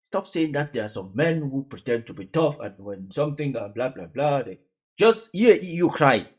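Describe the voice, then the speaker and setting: A man's voice: mid-range voice, big pitch swings, normal speed, a little mellow, slightly rough. A man giving casual reaction commentary, emphatic and fond of repeated rhetorical questions.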